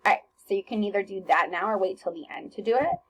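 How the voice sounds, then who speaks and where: A woman teacher talking students through a recorded grammar lesson on slides, relaxed and chatty with lots of ums and self-corrections. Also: mid-range voice, fast, slightly rough, rough recording.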